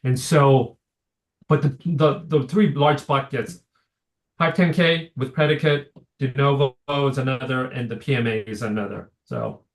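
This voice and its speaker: A man's voice: mid-range voice, measured pace. A man giving a workshop talk over a video call, explaining with many fillers and restarts. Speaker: invited speaker on medical devices.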